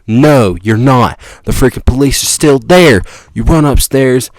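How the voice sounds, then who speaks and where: A young man hosting a podcast, excitedly rambling through an improvised comic story told to the listener, with sudden jumps in pitch and loudness. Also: measured pace, dry recording. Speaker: podcast host.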